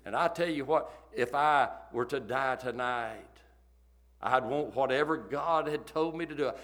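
A man preaching a sermon, telling a story in a folksy, emphatic way and repeating himself. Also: lowish voice. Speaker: pastor.

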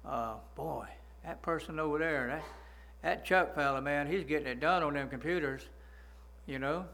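A man preaching a sermon, folksy, slowing down to stress his points and asking the congregation for agreement. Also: on the high side, creaky, pushed and bright. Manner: slows down to stress key phrases. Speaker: pastor.

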